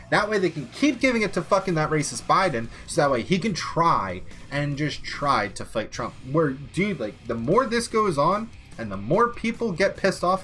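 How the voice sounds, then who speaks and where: A man's voice: a little high, a bit bright. A young American man ranting profanely on a political commentary stream. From United States.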